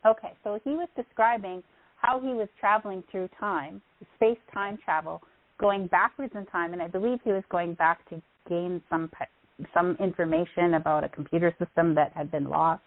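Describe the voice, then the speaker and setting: A woman's voice: fairly low pitch, fairly even intonation, moderate pace, no room sound. Rambling woman on a phone line. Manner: rambling, anecdotal, quoting others. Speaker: podcast guest. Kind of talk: casual storytelling.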